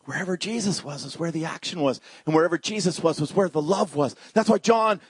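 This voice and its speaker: A male pastor preaching a sermon straight to the congregation, jumping from excited shouted peaks to soft hushed moments. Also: quick pace, breathy edge, no room sound. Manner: animated preaching, swings from shouted highs to hushed lows; direct address to congregation.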